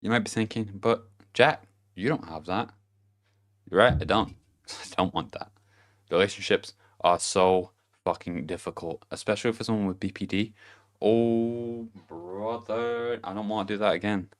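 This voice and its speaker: A young man with a somewhat low voice talks through a casual self-help monologue, blunt and full of swearing. He laughs to himself and swings from loud, punchy emphasis down to low murmurs. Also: normal speed. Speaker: vlogger.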